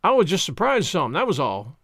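A man reading a storybook voices a rough male Klondike dog musher with slow, drawling, plain-spoken speech. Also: a little high, wildly swooping pitch, fairly bright tone, dry recording, studio quality, exaggerated voice.

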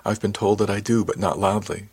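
A man reading the part of a nervous young woman who has just joined a ship's crew, speaking softly and unsteadily in an audiobook. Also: on the low side, fairly even intonation, brisk, breathy edge. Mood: unsure. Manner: tentative, soft and unsteady. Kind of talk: audiobook character voice.

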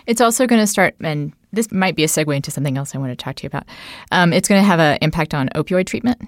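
A woman co-hosting a political discussion, animated and emphatic, her pitch jumping up on key words, with many "like" and "you know" fillers. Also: very fast, no room sound, clean studio sound. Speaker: podcast co-host.

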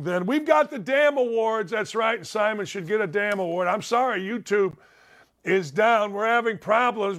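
A man with a notably high speaking voice hosts a talk show. He delivers opinionated, sarcastic commentary and hammers at his targets with rhetorical questions. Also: fairly bright tone.

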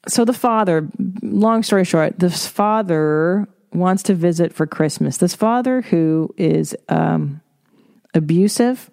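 A woman's voice: fairly low pitch, takes it slowly, gravelly, a little mellow, no echo, clean studio sound. Blunt, profane woman ranting on a podcast. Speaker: podcast host. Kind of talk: solo podcast rant. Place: home recording studio.

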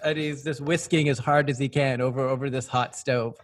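A man playing a character in a tabletop game, telling his part with laughs and halting restarts. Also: mid-range voice, steady tone, noisy background. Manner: giggly, halting storytelling. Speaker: player. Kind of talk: casual tabletop play.

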